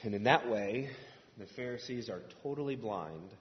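A man's voice: lowish voice, animated, moderate pace. Conversational male pastor in an echoey hall. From Indiana, USA. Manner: conversational storytelling, asks the congregation questions. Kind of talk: sermon. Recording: echoey hall, dull sound.

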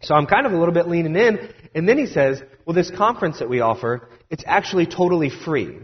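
A man's voice: fairly high pitch, expressive, quick pace. A man, a pastor, preaching a conversational sermon, telling a story with asides and quoted dialogue. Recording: dull sound with long hall reverb.

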